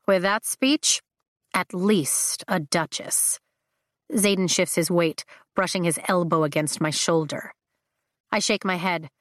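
A woman narrating a novel in the first person, steady and measured, on a close mic. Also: on the low side, no room sound. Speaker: audiobook narrator.

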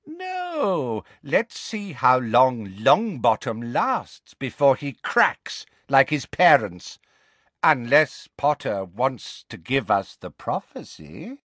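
A man voicing a gaunt, fanatical, cruel woman who taunts with shrill glee. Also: sing-song, slow pace, fairly bright tone, dry recording, exaggerated voice. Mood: gloating.

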